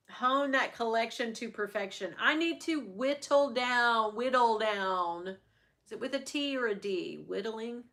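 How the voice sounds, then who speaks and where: Woman streamer, bright tone, fairly high voice, middle-aged, candid chatty livestream talk, swears freely. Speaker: luxury handbag livestream host. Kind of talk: casual livestream chat.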